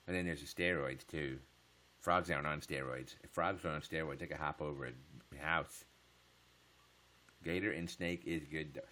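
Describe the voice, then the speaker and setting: A man hosting a casual late-night livestream, joking crudely with viewers and laughing often, sometimes dropping to a hush. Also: a bass voice, fairly even intonation, moderate pace, long pauses. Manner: drops to a hush so as not to wake his household. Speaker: livestream host.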